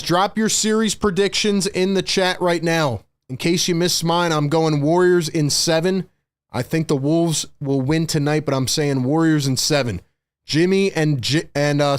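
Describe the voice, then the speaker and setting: A young man doing excited live play-by-play commentary as a stream host, breathless and excitable, talking straight to his chat. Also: a little high, a little slow, clear, resonant tone.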